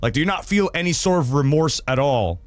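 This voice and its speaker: A young adult man hosting a casual livestream, reading viewer stories and reacting in an animated, rambling way with lots of fillers and swearing. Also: a little high, fairly quick, dry recording.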